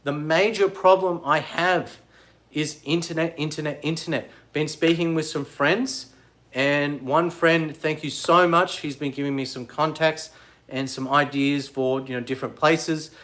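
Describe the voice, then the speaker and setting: A man chatting casually on a livestream, rambling and excitable, answering commenters as he goes. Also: fairly high pitch, a little slow. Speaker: vlogger.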